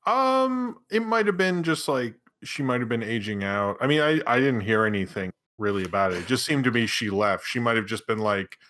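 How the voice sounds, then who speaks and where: A man's voice: medium pitch, animated, moderate pace, hardly any pauses, fairly bright tone. A man co-hosting a podcast in loose, rambling casual chat, joking around with friends. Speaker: podcast co-host.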